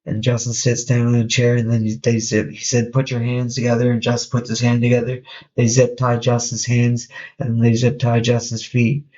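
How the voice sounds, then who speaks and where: Man telling a story in a flat monotone. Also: mid-range voice, lo-fi sound. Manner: flat, halting delivery with frequent restarts. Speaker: podcast host. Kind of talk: casual spoken storytelling.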